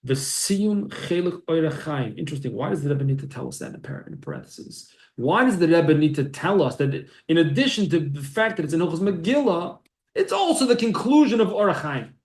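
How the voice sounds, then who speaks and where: A man teaching a Torah class from texts, his voice a touch high and climbing sharply when he stresses a point. He poses questions and then answers them himself. The sound carries a noticeable echo from the room. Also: animated, moderate pace, a little mellow. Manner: explains sources aloud, rises in pitch for emphasis, asks and answers his own questions. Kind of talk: text-based Torah class. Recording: echoey room.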